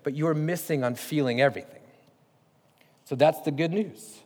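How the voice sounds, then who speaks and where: A man's voice: a little high, normal speed, darkish tone. A man preaching a sermon, conversational and emphatic, putting direct questions to his congregation. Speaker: pastor. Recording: long hall reverb.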